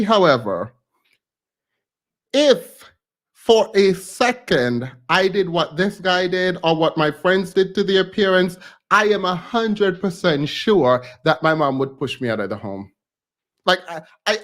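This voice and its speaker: Rambling man telling a story. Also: a little high. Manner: rambling and animated, heavy on "like" fillers, laughs often. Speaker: host of a live reaction stream. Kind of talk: casual storytelling chat.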